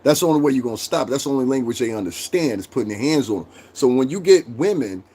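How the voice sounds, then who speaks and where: A man's voice: mid-range voice, lively intonation, quick pace, warm tone, slight background noise. A man hosting a livestream, ranting bluntly and profanely and roasting his chat. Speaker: livestream host. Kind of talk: casual livestream rant.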